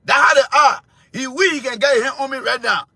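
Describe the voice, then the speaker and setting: Man, Liberian English accent, very high voice, dry close recording, heated confrontational show host. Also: fast, no echo. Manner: confrontational, repetitive, shouting at times. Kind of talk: heated political commentary.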